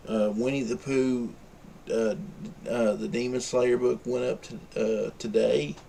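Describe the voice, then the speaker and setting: Low, gravelly man rambling casually. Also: mellow, slight background noise. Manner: rambling, ranting, drawling. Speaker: vlogger.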